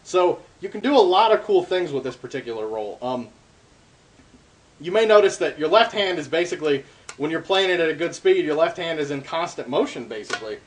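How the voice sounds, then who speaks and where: A man's voice: a little high, a little fast, slight background noise. A man casually teaching hand-drum rolls, explaining step by step with lots of ums and uhs. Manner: relaxed, filler-heavy explaining. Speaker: darbuka teacher. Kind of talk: casual instructional talk. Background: drum playing between phrases.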